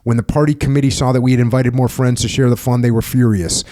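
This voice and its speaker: A man hosts a podcast and reads from a war memoir in a steady, measured voice. His tone is dark and mellow. The sound is dry and close to the mic. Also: mid-range voice, no echo. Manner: steady, measured reading with brief questions. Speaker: podcast host. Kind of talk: reading a memoir aloud and interviewing.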